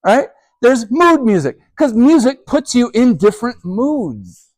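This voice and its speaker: A lively male youth pastor whose pitch jumps up and down as he teaches. He checks in with his listeners over and over and trips over his own restarts. The sound is close and dry. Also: no room sound. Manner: conversational, keeps checking in with rhetorical "okay?"; restarts and repeats words often.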